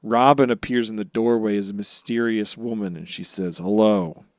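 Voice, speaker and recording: Low-voiced man joking through a recap. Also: moderate pace, dry recording, clean studio sound. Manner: jokey, acts out characters' lines mid-recap. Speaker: podcast co-host. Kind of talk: casual chat recapping episodes.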